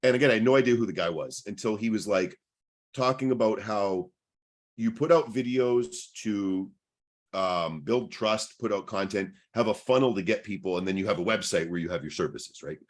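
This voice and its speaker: Low-voiced man telling a long story. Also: normal speed. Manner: long anecdote full of acted-out quoted dialogue. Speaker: podcast co-host. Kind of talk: casual storytelling.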